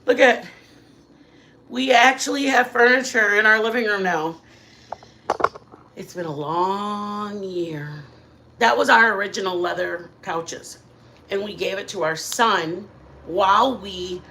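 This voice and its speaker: A middle-aged woman hosting a casual livestream from her living room, telling rambling, animated stories to her chat. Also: medium pitch, moderate pace, a little hiss or hum. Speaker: channel host.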